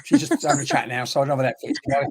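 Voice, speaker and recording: With crowd noise behind him, a medium talks very fast in a mid-range voice with huge pitch swings. He's conducting a live online reading, rambling, exclaiming, and speaking to viewers and unseen spirits as he delivers messages.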